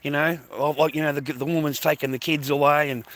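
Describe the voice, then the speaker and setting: A man's voice: a little high, fairly even intonation, fairly quick, fairly bright tone. A middle-aged man, rambling and swearing while livestreaming on a phone, tired and coughing. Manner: swearing, rambling, calls listeners mate. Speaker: live streamer. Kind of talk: rambling casual livestream chat.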